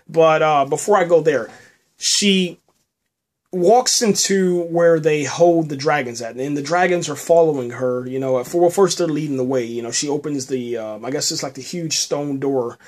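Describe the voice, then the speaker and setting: A man hosting a podcast, recapping a TV episode in a loose, halting way, often restarting and tacking "man" onto his sentences. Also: a little high. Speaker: podcast host reviewing a TV episode. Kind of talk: casual spoken review.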